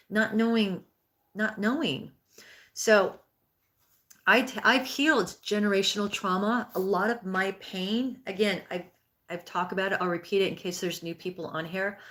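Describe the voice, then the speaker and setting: A woman in her sixties hosts a live-streamed spiritual healing talk and responds to viewer comments. She speaks in an earnest, conversational way and often restarts her sentences. Her voice sits at an ordinary middle pitch for a woman. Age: 60s. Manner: acts out inner thoughts in a raised, pleading voice.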